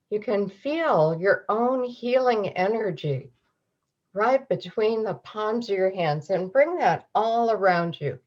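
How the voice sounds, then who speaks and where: A woman leading a closing grounding meditation, giving calm, slow instructions over a video call. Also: medium pitch. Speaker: guided grounding leader. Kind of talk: guided meditation. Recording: dull lo-fi video call audio.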